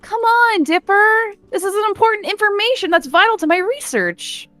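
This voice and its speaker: A bubbly, pushy young girl, voiced by a woman who fires off question after question with a lively, bouncing pitch. Her voice is close and dry, with faint music underneath. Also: dry recording, exaggerated voice. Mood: scheming. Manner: rapid-fire questions, teasing. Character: cheerful nosy young girl, pushy and playful.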